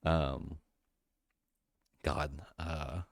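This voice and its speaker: This man has a very low voice. He presents mock awards on a live stream in a halting, emotional way, full of fillers and restarts. The sound is dry and close to the mic. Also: steady tone, vocal fry, no room sound. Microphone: close mic, voice-over without camera.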